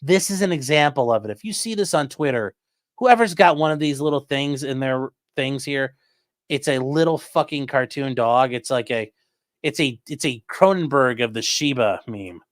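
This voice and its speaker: A man's voice: mid-range voice, normal speed, dry recording, clean studio sound. Sarcastic, rambling male streamer. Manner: sarcastic, rambling, swears casually. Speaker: livestream host reading viewer donations. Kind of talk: casual livestream commentary.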